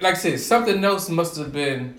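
A man's voice: fairly high pitch, animated, a little fast, fairly bright tone, echoey room. A man co-hosting a casual sports talk show, laid-back and skeptical, reasoning aloud. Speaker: podcast co-host.

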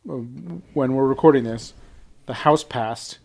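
A man's voice: mid-range voice, steady tone, unhurried, darkish tone. A man in casual podcast banter, telling a story in a loose, rambling way. He swears freely and drops into mocking impressions of the people he quotes. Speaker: podcast co-host. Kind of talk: casual chat.

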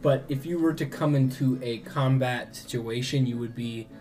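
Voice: medium pitch, moderate pace, warm tone, faint music behind. Rambling game master narrating a tabletop game. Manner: rambling, many "like" and "um".

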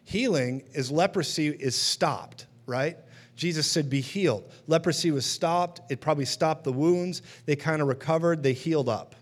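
A man's voice: a little high, moderate pace. A man preaching a sermon in a conversational teaching manner, often checking in with his listeners.

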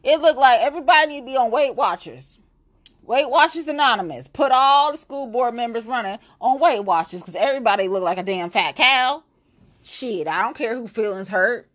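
A woman hosting her own podcast, ranting bluntly and profanely, swinging between loud outbursts and low muttering. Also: animated, normal speed. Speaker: podcast host. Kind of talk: unscripted solo podcast rant.

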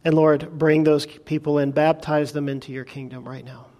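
Male pastor, earnest storytelling sermon voice, a bit higher-pitched, quiet prayerful close. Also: little pitch movement, moderate pace. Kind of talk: sermon illustration and closing prayer.

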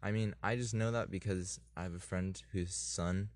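A man's voice: deep voice, fairly even intonation, normal speed, dry recording. A man in casual chat with a friend, laughing often and trailing off mid-sentence as he improvises rhymes.

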